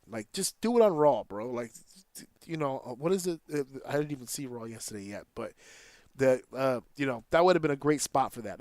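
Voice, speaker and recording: A man's voice: medium pitch, no echo. A man hosting a casual podcast, talking in an opinionated, rambling way and swearing freely. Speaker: podcast host.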